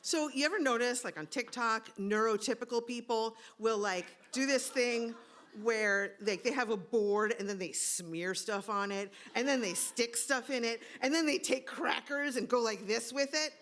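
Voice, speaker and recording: A woman's voice: fairly high pitch, normal speed, a bit bright, a little hiss or hum. Woman storyteller, live stage mic, wry and comic, fumbles for words now and then. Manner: wry, comic, searching for words mid-sentence.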